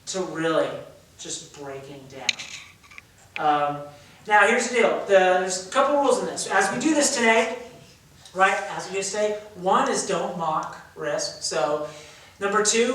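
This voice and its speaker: A man's voice: high-pitched, animated, moderate pace, a bit bright, slight background noise. A drama teacher leading a class of young actors, explaining exercises with energy and acting out emotions as he goes. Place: large echoey room. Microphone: camera mic from across the room. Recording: echoey room, voice from far off.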